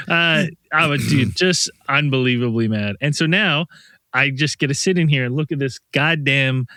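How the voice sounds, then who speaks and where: Podcast co-host, man, foul-mouthed ranting storyteller, bright and dry sound. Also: medium pitch, moderate pace, no room sound. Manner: profane, animated storyteller, ranting. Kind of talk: casual chat.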